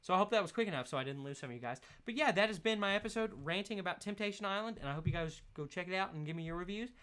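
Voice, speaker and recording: A man's voice: high voice, expressive, racing, fairly bright tone, clean tone. A young man hosting his solo podcast in a casual, rambling rant, laughing often. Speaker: podcast host.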